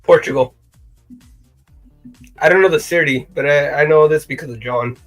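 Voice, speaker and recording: A man co-hosting a casual live-stream chat, animated and playful, often slipping into impressions. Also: a little high, normal speed, soft background music. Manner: animated, playful, jumps into voices. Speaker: co-host.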